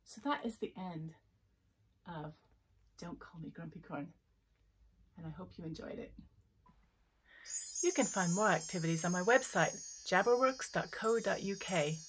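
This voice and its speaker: A woman reading her children's picture book aloud, animated, with chatty asides to young listeners. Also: on the low side, measured pace, long pauses, a little hiss or hum.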